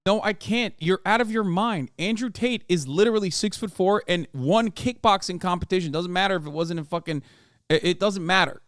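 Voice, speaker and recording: A man streaming his reaction to a video, excitable and rambling and swearing a lot. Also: high-pitched, a little fast, dry recording, clean studio sound. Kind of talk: casual reaction commentary.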